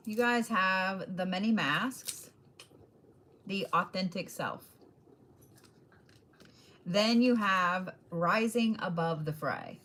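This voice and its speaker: A woman's voice: lowish voice, lively intonation, unhurried, pauses often, fairly bright tone, slight background noise. A woman giving casual, blunt zodiac readings straight to each sign, swearing freely and laughing often. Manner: direct address to each sign. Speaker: tarot and astrology reader.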